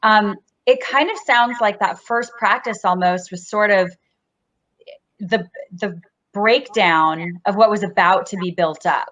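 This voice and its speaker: A woman hosting a podcast, reflecting on her guest's story in a relaxed, conversational way. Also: medium pitch, unhurried. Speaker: podcast host. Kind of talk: conversational interview. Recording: dull lo-fi audio.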